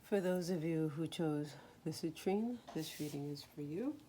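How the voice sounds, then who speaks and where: A woman giving a spiritual card reading in a slow, soothing voice that sometimes drops to a whisper, choked up with emotion. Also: sits low, mellow, a little hiss or hum. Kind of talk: soft spoken tarot-style reading.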